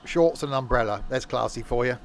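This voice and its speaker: Man, game streamer, casual banter, reads chat, middle pitch, faint background noise. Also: fairly quick. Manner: joking banter, reading viewers' chat. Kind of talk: casual gameplay commentary.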